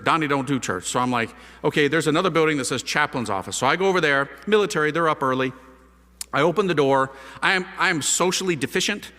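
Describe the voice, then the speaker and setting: A man, a priest, telling his conversion story to an audience in a lively, dramatic way, acting out the voices of the people in it. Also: medium pitch. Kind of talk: animated storytelling talk to an audience. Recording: long hall reverb.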